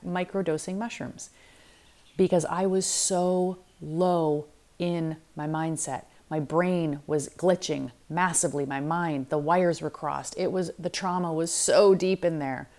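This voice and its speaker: A woman's voice: low voice, fairly even intonation, unhurried, a little mellow. A middle-aged woman, a life coach hosting a solo self-help podcast, talking candidly and reflectively, sometimes acting out her own inner voices.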